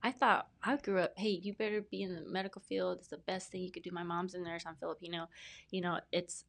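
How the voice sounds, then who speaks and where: A woman's voice: lowish voice, steady tone, fast talker, vocal fry. A woman in her thirties, a podcast guest telling her story in a talkative, rambling, earnest way. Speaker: podcast guest, brand specialist. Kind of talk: casual interview storytelling.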